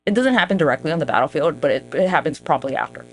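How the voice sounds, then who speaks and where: A woman's voice: expressive, very fast, faint music behind. Rambling, profane woman podcaster. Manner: rambling, profane, jumps in pitch for emphasis. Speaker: podcast host. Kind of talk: casual monologue.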